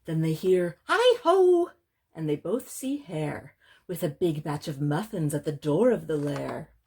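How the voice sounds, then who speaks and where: Librarian lady reading a kids book, slow and soft, bit breathy, kinda low voice. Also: lively intonation. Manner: slow, gentle, explains words to children. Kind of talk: children's picture book read-aloud.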